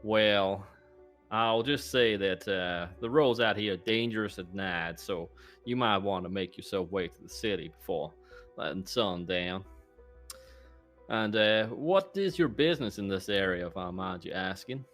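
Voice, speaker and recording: A man's voice: low voice, a little slow, fairly bright tone, soft background music. A man voicing a suspicious small-town police officer with a folksy drawl.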